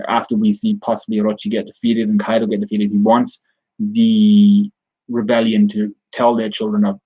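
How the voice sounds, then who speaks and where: A man's voice: lowish voice, warm tone, breathy edge, muffled recording. A man giving a casual spoken recap and review of a comic chapter, rambling with frequent restarts and self-corrections.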